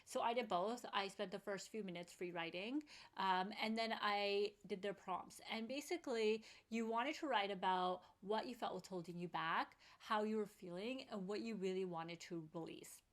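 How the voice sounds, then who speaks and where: A woman's voice: mid-range voice, moderate pace, hardly any pauses. A woman vlogger telling a personal story in an earnest, open-hearted and chatty way.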